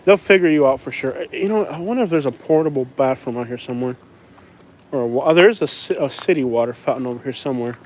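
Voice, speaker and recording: A man's voice: medium pitch, expressive, fast talker, darkish tone. A man from Florida with a Florida accent, chatting casually and rambling through a night-walk live stream outdoors, laughing often. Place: outdoors at night in a small town.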